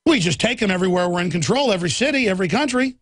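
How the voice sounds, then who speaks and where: A man's voice: sits high, expressive, very fast, no echo. A man hosting a political radio talk show, ranting in a fiery, combative way from a studio.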